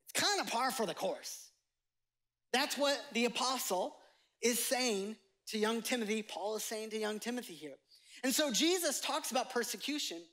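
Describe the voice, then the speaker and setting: A male pastor preaches to a live congregation in a church sanctuary, his voice sitting high with a fairly bright tone. His delivery is conversational and emphatic, and he trades jokes with the crowd.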